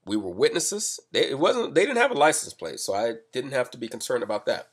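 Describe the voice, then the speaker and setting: A man with a slightly husky, mid-pitched voice recounts a tense personal story. He speaks calmly and methodically, explaining each step as he goes. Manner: calm and measured, rising to loud reenactments. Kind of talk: spoken personal account, explanatory.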